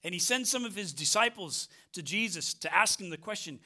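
Man, American pastor, bright voice, slightly high, emphatic, repetitive sermon delivery. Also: expressive, fairly quick, few pauses. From United States. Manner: emphatic, repeats phrases, frequent "right?".

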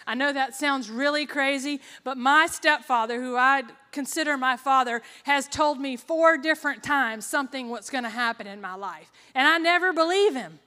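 A woman's voice: high-pitched, fairly quick, sharp tone. Earnest woman telling her testimony. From Georgia, USA. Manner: earnest, heartfelt storytelling. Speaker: speaker giving a faith testimony. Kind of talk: personal testimony talk. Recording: reverberant hall.

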